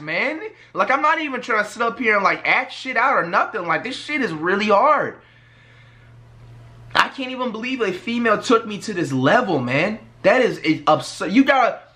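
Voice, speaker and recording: A man's voice: high voice, bright, forceful tone. A man hosting a reaction video, talking casually and reflectively with many fillers. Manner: fillers like "you know what I'm saying", reflective. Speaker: reaction channel host.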